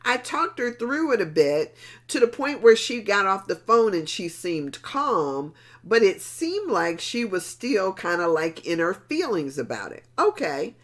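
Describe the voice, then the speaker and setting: Animated, unhurried woman telling a story. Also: medium pitch. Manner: animated, conversational, repeats words for emphasis. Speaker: motivational talk show host. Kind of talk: motivational storytelling talk.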